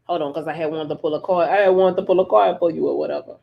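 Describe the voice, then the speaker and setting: A woman's voice: deep voice, steady tone, rapid-fire, creaky, dull audio, a little hiss or hum. Woman, tarot reader, casual livestream chat, swears freely, laughs a lot, repeats lines for emphasis. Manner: profane, rambling, laughs often; emphatic, repeats herself for effect.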